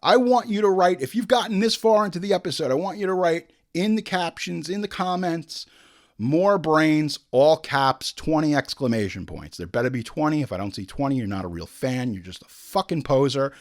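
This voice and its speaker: A man's voice: fairly high pitch, expressive, fairly quick, few pauses. A man hosting a horror podcast, ranting sarcastically and swearing as he reads out reviews. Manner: profane, sarcastic, heated. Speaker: podcast host.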